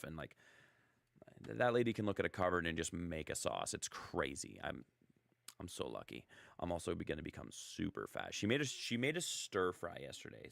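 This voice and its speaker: A self-deprecating radio host rambles through casual, chatty talk radio conversation. He speaks low, with vocal fry and a touch of brightness. The studio-quality recording has no echo.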